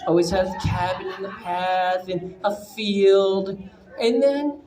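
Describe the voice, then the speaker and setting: A man telling a personal story to a live audience, animated and profane, stumbling through frequent restarts. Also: high voice, slow pace. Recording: echoey room with audience noise.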